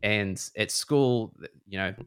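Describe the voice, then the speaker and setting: A man's voice: fairly low pitch, unhurried, fairly bright tone, smooth, dry recording. A man retelling a book in a casual podcast chat, rambling and full of fillers. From Australia. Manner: rambling, heavy on fillers like "like" and "you know".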